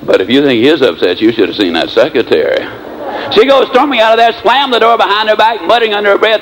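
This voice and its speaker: A man's voice: brisk, poor audio. A man giving a motivational speech, telling stories with big dramatic swings in his voice. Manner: animated storyteller, swings pitch dramatically. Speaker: motivational speaker.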